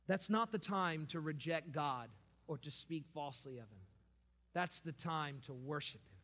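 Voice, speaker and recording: A man preaching a sermon as pastor, building to slow, emphatic peaks. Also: a little high, a bit bright. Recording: long hall reverb.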